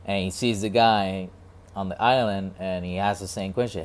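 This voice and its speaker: A man vlogging a casual reflective monologue, talking quietly and rambling with many restarts and repeated words. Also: deep voice, fairly even intonation, moderate pace.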